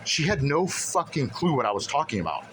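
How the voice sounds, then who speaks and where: A vlogger vents to the camera in a casual vlog, agitated and swearing, rambling with many restarts while reading through paperwork. His voice is on the high side, a bit bright, very animated and a little fast. The recording is rough, with slight background noise.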